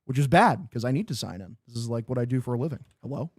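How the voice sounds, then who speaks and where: A man's voice: mid-range voice, expressive, fast, a little mellow, no room sound, studio quality. A young man hosting a casual live game-watch stream. He swears a lot, sounds frustrated and talks to his chat as "boys". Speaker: livestream host.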